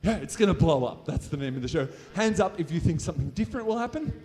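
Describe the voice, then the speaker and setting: Talking fast and animatedly, a man with a slightly high, darkish voice leads a science demonstration on stage. He's Australian and keeps things jokey with his volunteer and the crowd, his words echoing around the large, reverberant hall.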